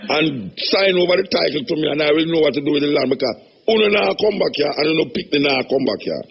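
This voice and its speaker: A man with a Jamaican accent hosting a radio talk show, speaking patois in an animated, laughing way. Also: medium pitch, creaky, breathy edge, lo-fi sound. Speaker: radio host.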